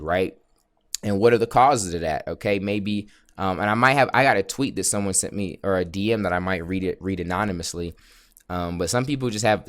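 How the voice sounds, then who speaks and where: Give me a man with a fairly low voice, speaking earnestly and openly to his viewers. He talks in a casual motivational vlog style, restarting and repeating words as he drives his point home. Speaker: vlogger.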